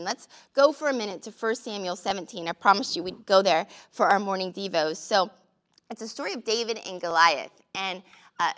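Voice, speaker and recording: A woman's voice: mid-range voice, a bit bright. A middle-aged woman teaching a morning devotional in a chatty, storytelling way with touches of humor.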